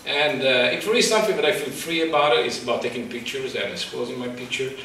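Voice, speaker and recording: Halting, passionate man in echoey room. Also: medium pitch, pushed and bright, slight background noise. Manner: halting, searching for words, passionate. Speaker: photographer presenting his exhibit. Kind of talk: emotional public talk. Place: exhibit talk at a college, indoors. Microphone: microphone in front of him. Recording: echoey room, distant mic.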